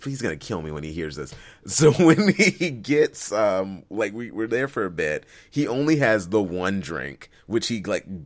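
Podcast co-host, man, very low voice, lively storyteller who laughs a lot. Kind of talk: casual chat.

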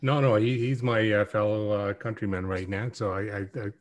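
A man co-hosting a podcast, his voice sitting a little low. He talks loosely, pausing on fillers and restarting his sentences as he goes. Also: little pitch movement. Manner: halting, many fillers and restarts. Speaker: podcast co-host. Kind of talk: casual podcast chat.

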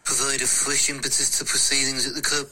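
Man doing an old football manager, comic impression, mock-formal, bright sharp tone, flat monotone. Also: mid-range voice, quick pace, a little hiss or hum, low-quality recording. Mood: deadpan. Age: older. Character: elderly male football manager, dry and self-mocking.

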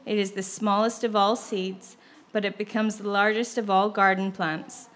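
A woman reading a scripture passage aloud in a steady, measured way. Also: mid-range voice.

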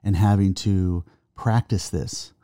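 A middle-aged man giving an earnest faith testimony in conversation, halting and restarting, reciting verses slowly. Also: deep voice, fairly even intonation, mellow, no echo, clean studio sound. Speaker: guest, son of the host.

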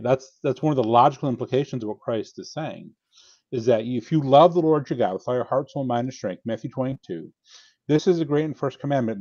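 Appearing as a guest on a podcast, a male author explains theology in an earnest, teaching way and reads scripture aloud during the casual discussion. His mid-range voice has a warm tone, and the recording is dry and muffled.

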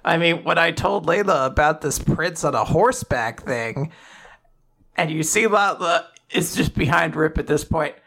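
A man hosting a podcast, casually recapping a comic chapter with animated, laughing delivery. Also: fairly high pitch, moderate pace. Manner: animated, laughing, slips into character voices. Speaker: podcast host.

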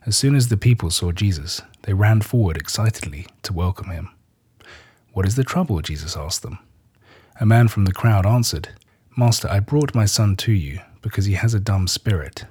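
A man giving a measured scripted reading of scripture, lightly voicing the quoted speech. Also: on the low side, expressive, darkish tone, breathy edge. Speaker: scripture reader.

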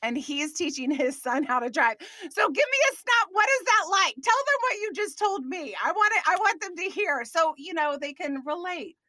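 A woman's voice: very high-pitched, animated, moderate pace, hardly any pauses, pushed and bright, no echo, clean studio sound. A woman hosting a podcast, chatting with a guest in an upbeat, enthusiastic way and laughing often. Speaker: podcast host. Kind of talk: upbeat interview chat.

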